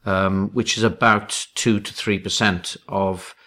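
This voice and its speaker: A man from West Wales speaks with a mild Welsh accent and a lowish voice. He explains things in a relaxed, informative way during an interview. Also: takes it slowly. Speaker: vineyard owner guest. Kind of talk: casual interview.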